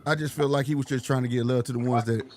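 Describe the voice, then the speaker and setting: A man co-hosting a boxing talk show, making his points in fast casual debate. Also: mid-range voice, fairly even intonation, a crowd in the background. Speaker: boxing podcast co-host.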